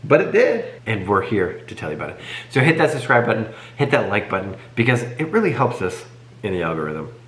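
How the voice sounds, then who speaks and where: Lively young man in an echoey room. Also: on the low side, fairly quick. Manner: animated storytelling, self-correcting. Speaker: co-host of a family channel. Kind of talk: casual chat.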